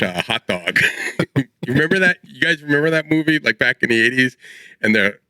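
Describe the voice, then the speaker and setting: A man's voice: mid-range voice, animated, brisk, bright, forceful tone, no room sound, poor audio. A man in his forties co-hosting a podcast, telling rambling stories in casual chat and laughing as he talks. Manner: rambling storyteller, laughs mid-sentence. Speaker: podcast co-host.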